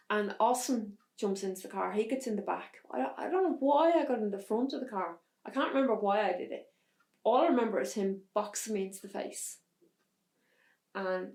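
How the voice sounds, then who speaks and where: A woman telling a hard personal story as an interview guest, in a halting way with restarts. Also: medium pitch, gravelly, darkish tone, reverberant. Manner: halting, restarts under strain. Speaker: podcast guest.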